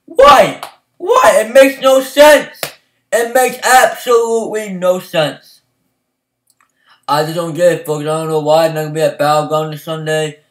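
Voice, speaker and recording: A young man ranting as a fan vlogger, swinging from loud outbursts to low mumbling. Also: a little slow, distant mic. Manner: excitable, swings from shouting to mumbling. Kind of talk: heated ranting. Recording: echoey room, voice off-mic.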